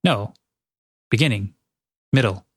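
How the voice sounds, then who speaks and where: A man's voice: fairly low pitch, lively intonation, takes it slowly, slightly rough, no echo, clean studio sound. A man hosting a casual gaming podcast, rambling and correcting himself as he tells a story. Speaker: podcast host. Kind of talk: casual chat.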